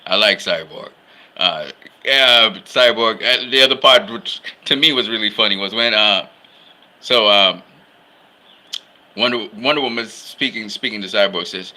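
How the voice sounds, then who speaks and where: A film fan rambles enthusiastically and casually about movies he loves. His voice is on the low side, pushed and bright, at a measured pace.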